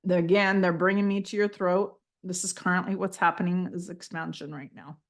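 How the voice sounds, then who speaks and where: A woman leading a guided healing session, speaking gently and reassuringly, calling the listener honey and checking in with "okay?" often. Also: fairly low pitch, fairly even intonation, normal speed. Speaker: spiritual energy healer.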